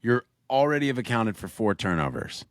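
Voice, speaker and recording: A man's voice: medium pitch, sing-song, a little fast, no echo, clean studio sound. A man co-hosting a casual sports podcast, walking through game scenarios step by step and putting questions to his co-host.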